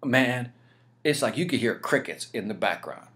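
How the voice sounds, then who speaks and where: A man in his forties being interviewed, telling a career story in a lively, energetic way, often tagging "right?" and "you know". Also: medium pitch, normal speed. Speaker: interview guest, sales speaker.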